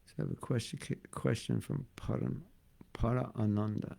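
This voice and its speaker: Gravelly, joking spiritual teacher, male. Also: medium pitch, fairly even intonation, normal speed, warm tone. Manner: joking, conversational, repeats for emphasis. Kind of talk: casual devotional class.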